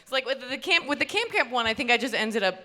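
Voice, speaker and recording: A woman's voice: sits high, animated, fast talker, pushed and bright, in a large hall. Bubbly woman on a convention panel. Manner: bubbly, laughing, rambling anecdotes. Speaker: voice actor panelist.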